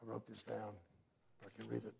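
Gravelly, emphatic male preacher. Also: fairly low pitch, monotone, fairly quick, slight background noise. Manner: emphatic preaching, swinging from quiet to loud. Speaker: pastor. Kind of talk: sermon.

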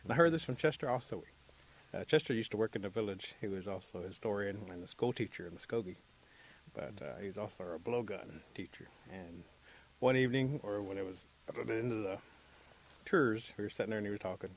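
Husky-voiced male storyteller. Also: lowish voice, a little fast. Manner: relaxed, animated narration. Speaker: storyteller guest. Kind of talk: traditional storytelling.

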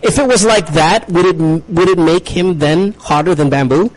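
A man with a Filipino accent hosting a radio show, teasing and excitable, mixing English with Tagalog. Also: sits high, moderate pace, low-quality recording. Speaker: radio host. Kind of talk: playful radio banter.

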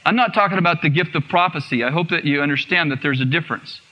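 A man's voice: a little high, quick pace, muffled recording. A man preaching a sermon to a congregation, earnest and repeating phrases for emphasis. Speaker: guest preacher.

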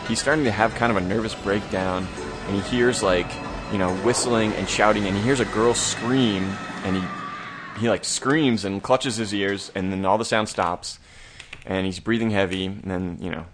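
A man's voice: lowish voice, fairly even intonation, moderate pace, music in the background. A man co-hosting a horror review podcast, recapping an episode in a rambling, laid-back way with the odd curse. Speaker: podcast co-host. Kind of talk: casual plot recap.

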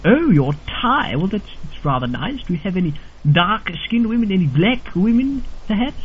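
A man acting a posh, overly polite English gentleman on a prank phone call. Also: high voice, big pitch swings, moderate pace, slightly rough, heavily acted. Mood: politely creepy. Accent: put-on posh English. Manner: overly polite, formal, insistent. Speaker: prank caller. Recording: dull lo-fi recording with faint noise.

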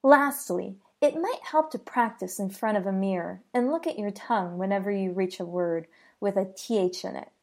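A woman with an American accent teaching a pronunciation lesson, saying each word slowly and repeating it for learners. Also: medium pitch, darkish tone. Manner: models words slowly and repeats them for learners. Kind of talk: slow, clear pronunciation lesson.

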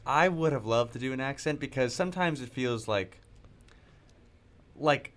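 A man's voice: medium pitch, expressive, moderate pace, a bit bright. A man in a theater cast, chatting earnestly and thinking aloud in a radio interview. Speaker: cast member of a youth theater show. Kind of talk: casual interview chat.

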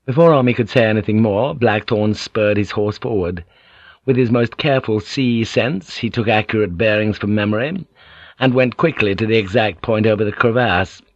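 A man in scripted narration, reading an audiobook in a measured, even way. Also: fairly low pitch, dry recording. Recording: dull lo-fi audiobook recording.

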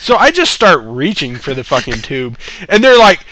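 A man's voice: a little high, big pitch swings, normal speed, very noisy. A man casually telling a story, swearing a lot and laughing between lines.

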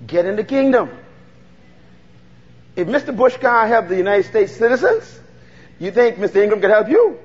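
A man's voice: sits high, sing-song, normal speed, long pauses, darkish tone, long reverb tail, dull audio. A Bahamian man preaching a fervent sermon, calling out to the congregation for responses.

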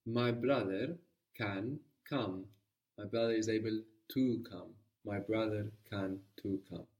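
A man's voice: lowish voice, steady tone, takes it slowly, a little mellow, distant mic. A man teaching a guided language lesson, patiently prompting his student with questions.

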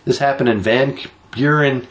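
A man's voice: medium pitch, normal speed. A man co-hosting a casual talk show, reading odd news stories and teasing his co-host. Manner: jokey, teasing, animated storytelling. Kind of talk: casual banter.

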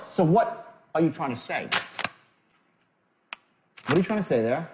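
Man, sales trainer, live seminar, lively swinging pitch, echoey room. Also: unhurried, slight background noise. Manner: acts out customer and salesman lines, shifting tone.

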